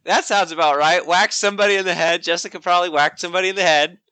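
A woman's voice: fairly low pitch, steady tone, quick pace, a bit bright, clear, resonant tone, dry recording. A woman co-hosting a family podcast who teases the others and plays with silly accents. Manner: bantering, teasing, tries silly accents. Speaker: podcast co-host. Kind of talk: playful family podcast chat.

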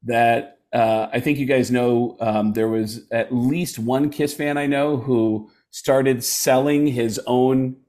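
Animated male comedian telling stories. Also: medium pitch, takes it slowly, hardly any pauses. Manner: animated, acts out voices in stories. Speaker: stand-up comedian guest. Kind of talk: casual storytelling chat.

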